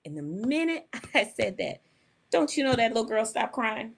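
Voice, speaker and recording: A woman telling personal stories in an animated, folksy way, often laughing as she talks. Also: fairly high pitch, normal speed, gravelly. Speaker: panel speaker. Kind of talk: personal storytelling.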